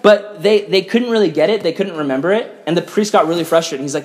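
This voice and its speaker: A young man preaches to a youth group in a loose, chatty way, full of "like" and lively storytelling. His voice sits a bit high for a man. The sound carries the long echo of a big hall. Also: fast. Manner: animated storytelling, many filler "like"s. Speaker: youth pastor. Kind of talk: casual youth sermon. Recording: reverberant hall.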